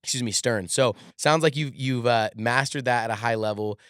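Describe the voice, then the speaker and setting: A man's voice: medium pitch, normal speed, a bit bright, dry recording. Coaching male host, dry sound. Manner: addresses listeners as "guys" and "dude". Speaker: host of a sales training show. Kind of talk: coaching interview.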